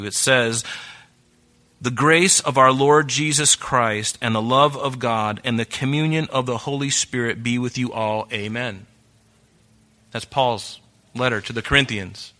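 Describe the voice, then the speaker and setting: A man with a mid-range voice preaches a sermon at a slightly slow pace, reading scripture aloud and urging listeners to mark their Bibles. He is earnest, moving between hushed and emphatic delivery.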